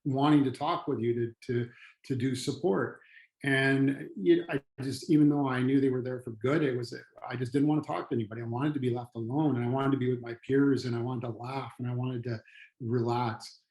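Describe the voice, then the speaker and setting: A middle-aged man, a retired firefighter who now trains people on trauma and resilience, telling a personal story in a halting, earnest way with frequent restarts. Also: mid-range voice, a little mellow, reverberant, rough recording.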